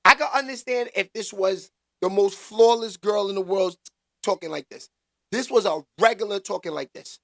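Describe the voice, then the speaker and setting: A man's voice: high-pitched, normal speed, gravelly, dry recording, studio quality. A man hosting a casual commentary vlog, talking in slangy, emphatic bursts and repeating catchphrases.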